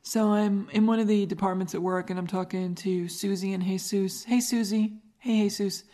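A woman's voice: medium pitch, little pitch movement, moderate pace, dark tone. A middle-aged woman with a regional American accent, hosting a podcast and telling stories in casual chat, laughing often. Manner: chatty storyteller, laughs often. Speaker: podcast host.

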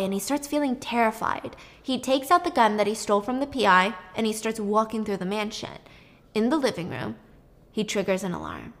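A young woman casually retelling a plot in an animated, chatty way, swearing now and then. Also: medium pitch.

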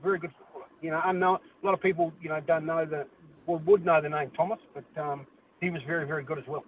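A man's voice: on the high side, steady tone, fast talker. A man from New Zealand with a New Zealand accent, calling in to a sports radio show and rambling, with "mate" in most lines. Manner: rambling, says "mate" often. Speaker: caller. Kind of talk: talkback call. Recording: tinny phone line with faint noise.

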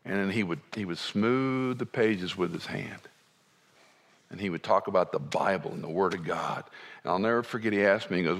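A man preaching a sermon in a conversational way, dropping to soft asides and rising to emphatic points. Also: low-pitched, normal speed. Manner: conversational, wide swings between soft and emphatic.

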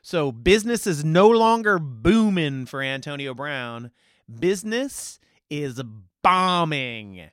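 A man's voice: a little high, animated, takes it slowly, fairly bright tone, clear, resonant tone, no echo, clean studio sound. A man hosting a sports podcast, giving heated, opinionated, mocking commentary.

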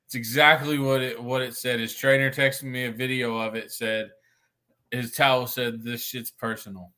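A man's voice: mid-range voice, little pitch movement, moderate pace, bright, forceful tone, smooth. A man, telling stories with a laugh and a stammer as a co-host of a sports podcast. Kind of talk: excited postgame sports chat.

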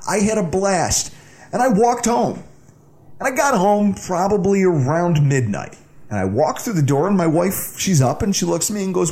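A man's voice: high-pitched, big pitch swings, moderate pace. A man in his thirties from the Buffalo area, co-hosting a podcast and telling a funny story in a casual, laughing way. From Buffalo, New York area. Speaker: podcast co-host.

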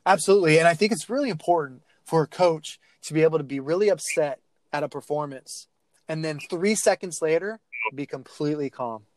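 Animated man telling coaching stories. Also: a little high, a little fast, dry recording. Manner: animated storytelling with many restarts and fillers. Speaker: guest, athlete mental-skills speaker. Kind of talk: casual podcast interview.

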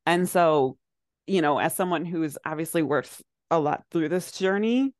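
Lower-voiced woman chatting, dry sound. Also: unhurried, no echo. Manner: rambling, reflective, lots of "like" fillers. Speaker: podcast co-host. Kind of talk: casual chat.

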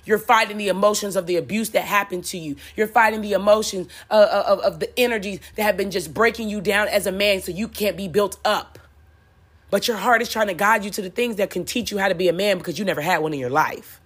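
A woman of medium pitch with a slightly bright, breathy voice speaks at a quick pace. In her preachy spiritual monologue she swears bluntly, repeats lines for emphasis, and chuckles at her own jokes.

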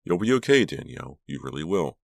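A man reading an audiobook, voicing a calm, gentle male psychiatrist who speaks softly and reassuringly. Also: extremely low pitch, a little fast, vocal fry, no room sound, clean studio sound, full character voice.

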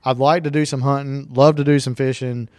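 A man's voice: mid-range voice, level tone, fairly quick, darkish tone, dry recording, studio quality. A man, joking and teasing his friends on a casual podcast, with some fillers.

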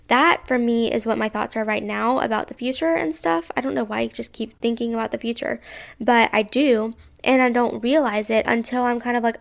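A woman's voice: on the high side, a little fast, gravelly. A woman in her early twenties hosting a solo podcast, rambling in a chatty, self-reflective way. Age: 20s. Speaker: podcast host. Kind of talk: casual solo podcast monologue.

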